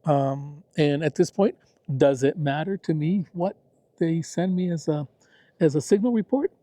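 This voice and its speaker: Relaxed, mellow-voiced man outdoors. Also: fairly high pitch, measured pace, no room sound. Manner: relaxed, chatty, self-deprecating. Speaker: ham radio operator. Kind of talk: casual outdoor vlog narration. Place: outdoors in the desert.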